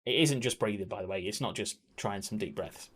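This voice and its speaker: A man talking candidly on a livestream, nervous and a little breathless, halting with restarts and frequent ums. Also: on the low side, fairly bright tone. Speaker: streamer.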